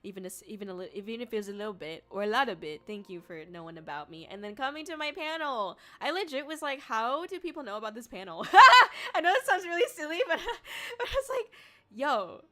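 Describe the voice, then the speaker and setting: Lively bright-voiced young woman streamer. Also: high voice, quick pace. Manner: chatty, laughs often, bursts into squealing shouts. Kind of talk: casual livestream chat. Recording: faint music behind.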